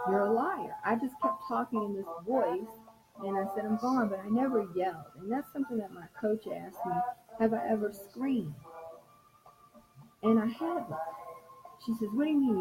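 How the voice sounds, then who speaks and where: A middle-aged woman sharing a personal story in a soft-spoken, reflective way. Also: medium pitch, poor audio. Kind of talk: personal testimony talk. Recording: music playing clearly behind.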